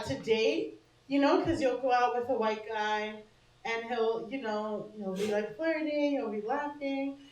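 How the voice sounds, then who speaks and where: A woman's voice: fairly high pitch, distant mic. A woman doing stand-up comedy in a small bar, talking brashly and conversationally and laughing at her own jokes. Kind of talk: stand-up set. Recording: echoey bar room with laughing crowd. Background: audience laughter.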